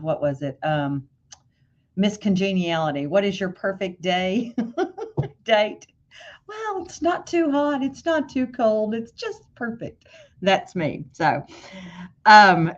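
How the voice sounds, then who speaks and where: A woman hosting a casual livestream tutorial on embroidery software, chatting and greeting viewers by name. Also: fairly low pitch, highs cut off.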